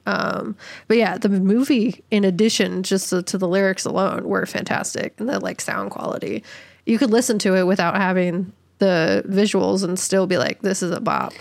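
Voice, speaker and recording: A woman co-hosting a podcast in relaxed, casual chat. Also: mid-range voice, creaky. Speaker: podcast co-host.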